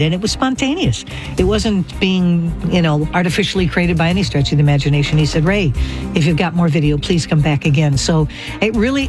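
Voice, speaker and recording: Radio host, enthusiastic and emphatic, mid pitch, clear music bed behind. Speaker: radio talk show host. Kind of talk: conversational radio interview.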